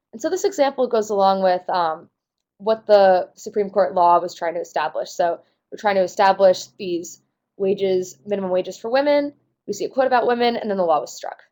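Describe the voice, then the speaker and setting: A woman's voice: mid-range voice, darkish tone. A young woman, a test prep tutor, explaining answer choices in a casual, lightly self-mocking way.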